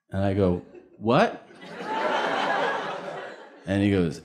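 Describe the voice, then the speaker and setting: A man performing stand-up comedy, telling stories in a profane, animated way and acting out both sides of each exchange. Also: normal speed, long pauses. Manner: animated, profane, acts out both sides of dialogues, voice jumping high for disbelief. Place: comedy stage before a laughing audience. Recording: live stage mic with audible noise.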